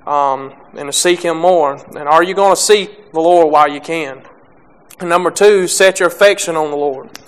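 Reading from scripture and speaking simply about faith, a young preacher stumbles along with frequent fillers and restarts. His voice sits on the high side and sounds smooth.

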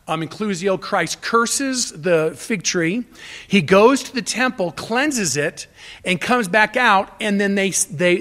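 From a church stage, a male pastor delivers an expository sermon in a voice that is high for a man, pushed and bright. He presses his points earnestly and emphatically, often stopping and restarting phrases as he builds toward the key word.

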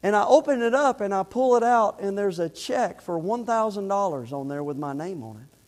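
A man's voice: high voice, animated, moderate pace. A middle-aged man preaching in church, telling a personal story in a conversational way, then building to emphatic preaching with repeated phrases. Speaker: pastor. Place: church sanctuary. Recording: long hall reverb.

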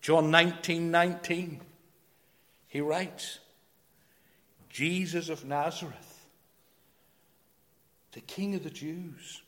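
A man preaching a sermon, emphatic, swinging between loud declarations and hushed phrases. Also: a little high, fairly even intonation, slow pace, long pauses. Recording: long hall reverb.

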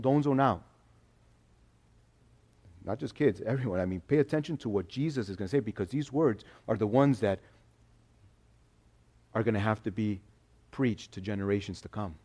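A man with a lowish voice preaching a sermon. He talks casually to the congregation and acts out the quotes he tells. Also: normal speed, long pauses. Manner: conversational, animated preaching with acted quotes. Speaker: pastor.

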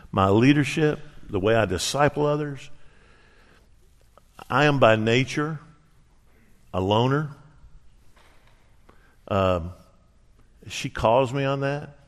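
A middle-aged man preaching a sermon, telling a personal story with earnest warmth and acting out quoted dialogue. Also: medium pitch, expressive, unhurried, pauses often. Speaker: pastor. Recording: reverberant hall.

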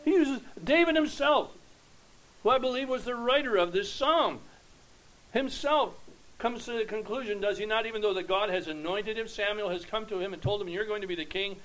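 A pastor preaches to his congregation in an earnest, emphatic way, sinking to hushed tones, then rising into loud declarations and posing rhetorical questions. His voice is high, his pace normal, and the recording rough.

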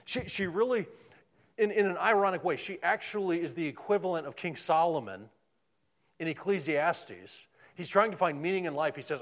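A man preaching a sermon, swinging from loud emphatic lines down to hushed, almost whispered ones. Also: on the high side, expressive, normal speed.

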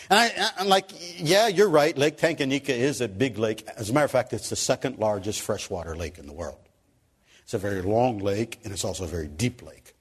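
Man, preacher, sermon storytelling, husky, fairly low voice, loud then hushed. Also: moderate pace. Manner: animated storyteller, rising loud for emphasis then dropping soft.

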